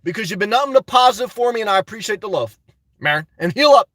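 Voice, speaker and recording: Very high-pitched, bright-voiced man streaming. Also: lively intonation, quick pace, dry recording. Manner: high-energy, gushing and effusive toward viewers. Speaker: live streamer reading chat and donations. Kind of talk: casual live-stream chat.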